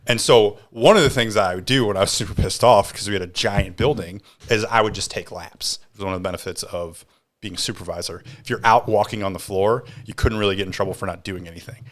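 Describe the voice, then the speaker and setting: A man with a fairly low voice in casual podcast conversation. He tells stories with energy and slips into the voices of the people he quotes. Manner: animated storyteller, acts out quoted dialogue. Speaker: podcast co-host.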